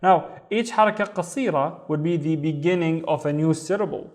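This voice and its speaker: Male language teacher with a slightly raised pitch, patient and deliberate, stretching out each sound for beginners. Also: a little mellow. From Saudi Arabia. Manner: patient, drawn-out syllable sounding. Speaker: Arabic teacher. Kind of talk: reading lesson.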